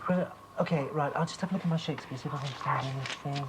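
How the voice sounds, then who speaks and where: A woman playing a scheming friend in a TV sitcom, talking in rushed, fumbling bursts full of fillers. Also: low-pitched, noisy background, natural voice. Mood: flustered. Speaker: scheming friend feeding lines in a sitcom sketch. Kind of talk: TV sitcom acting.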